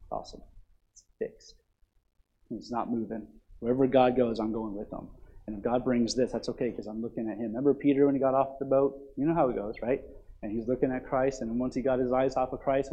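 A man preaching a sermon, dropping to soft, low asides and then building to loud, emphatic passages, often checking in with "right?" and "you see?". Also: breathy edge, muffled recording. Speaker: pastor.

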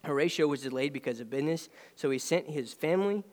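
A man preaching a sermon, earnest and emphatic, swinging between raised lines and quiet ones. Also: a little high, fast, big-room sound. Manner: earnest, rising and dropping emphasis.

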